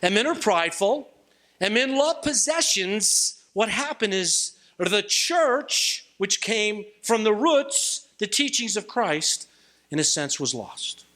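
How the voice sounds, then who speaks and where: Animated, bright-voiced man preaching. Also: high voice, takes it slowly. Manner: playful, jokey, leads call-and-response. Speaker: retreat speaker. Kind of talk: lively youth sermon.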